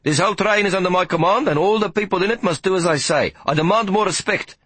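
A man putting on a whiny, sanctimonious train conductor, pompous about his rank, in an audiobook. His voice is pushed up high and sounds slightly husky. The recording is dry and close. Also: fast talker, fairly bright tone, dry recording. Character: whining, self-righteous male train conductor. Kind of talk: audiobook character voice.

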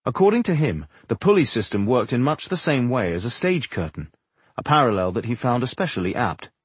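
A man narrating a fantasy audiobook in a measured, expressive storytelling manner. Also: medium pitch, husky, no room sound. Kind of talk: scripted narration.

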